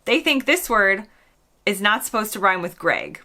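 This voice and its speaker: A woman's voice: medium pitch, expressive, moderate pace, bright, forceful tone. An American woman in her thirties, chatting in a casual, self-deprecating way as she hosts her own vlog. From United States. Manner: chatty, self-deprecating, often laughing at herself. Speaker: vlogger.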